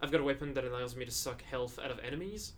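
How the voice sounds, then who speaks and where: A man's voice: mid-range voice, fast, a little hiss or hum. A man in casual chat about games, playful and teasing, swearing casually.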